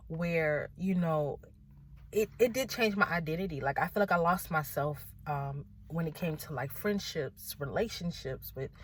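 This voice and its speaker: A woman's voice: deep voice, fairly bright tone. A young woman talking in a car, sharing a personal story while holding back tears, rambling with many fillers and restarts. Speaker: vlogger. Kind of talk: personal confessional vlog. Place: parked car.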